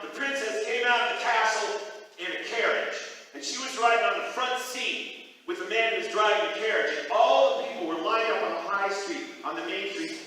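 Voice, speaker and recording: Man telling a folk tale at a school assembly, bright lively voice, echoey hall from far off. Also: extremely high pitch, a little hiss or hum. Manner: animated, talks directly to the kids. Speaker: storyteller.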